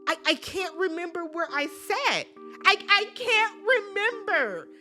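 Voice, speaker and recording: A woman's voice: very high-pitched, animated, a little slow, bright, forceful tone, faint music behind, voice pushed up, exaggerated voice. A woman putting on the voice of a flustered young woman contestant who stammers out apologies. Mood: flustered, tearful.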